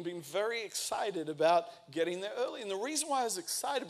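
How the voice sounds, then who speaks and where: A man in his thirties preaching a sermon, telling a lively personal story and acting out the quoted lines. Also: sits high. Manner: energetic storytelling, acts out quotes. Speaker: pastor.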